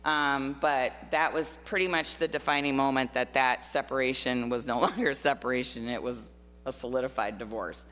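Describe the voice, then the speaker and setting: A woman's voice: rumbling low, fairly even intonation, normal speed, few pauses, fairly bright tone. A woman artist presenting her artwork to an audience in a casual, storytelling way with plenty of fillers. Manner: conversational, many fillers, personal storytelling. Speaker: artist giving a talk. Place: church forum room. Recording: long hall reverb.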